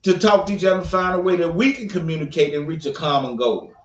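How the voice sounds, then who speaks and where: A man with a slightly high voice talks fast while co-hosting a casual opinion podcast, speaking earnestly, emphatically, and preachily. The recording sounds roomy, distant, and dull.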